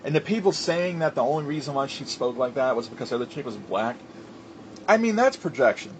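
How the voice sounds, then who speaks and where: A man in the middle of an angry wrestling rant, swearing hard and pounding his points home. His voice sits in a middle pitch, and he fills gaps with "like" and "you know" and restarts his sentences. Faint ambient noise hums behind him. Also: expressive, fairly quick, dull audio. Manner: profane, heated and emphatic; filler-heavy with restarts. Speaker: wrestling commentator. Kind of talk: ranting commentary.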